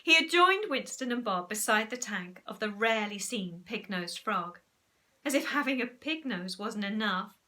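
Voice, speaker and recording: Animated woman reading a story. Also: a little high. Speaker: teacher. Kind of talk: storybook read-aloud.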